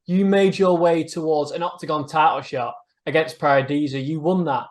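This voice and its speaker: Fluent male interviewer, slightly high voice. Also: steady tone, normal speed. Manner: fluent, smooth, admiring lead-in questions. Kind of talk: prepared interview questions.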